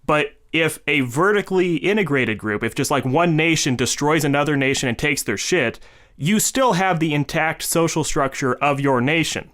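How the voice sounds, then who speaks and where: Podcast co-host, male, smooth clear voice, measured explainer. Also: fairly high pitch, expressive, a bit bright. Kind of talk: casual podcast discussion.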